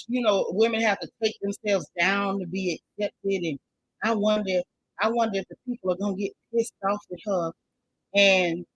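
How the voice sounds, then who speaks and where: A woman's voice: medium pitch, a bit bright, rough recording. A woman hosting a casual gossip commentary show, reading out live chat and speaking in a sassy, blunt manner, often repeating lines for emphasis. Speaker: commentary channel host.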